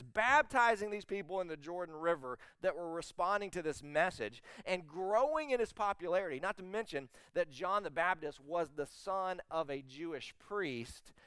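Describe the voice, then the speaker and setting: Emphatic preaching man, smooth voice. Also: high-pitched, no echo. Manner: animated, emphatic preaching with rhetorical questions. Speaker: pastor. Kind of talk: sermon.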